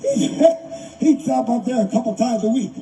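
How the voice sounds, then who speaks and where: A man's voice: very high-pitched, animated, normal speed, vocal fry, dark tone. An older man giving an emotional, repetitive rally speech outdoors, heard from a distance. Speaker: rally speaker. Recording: distant mic, faint background noise.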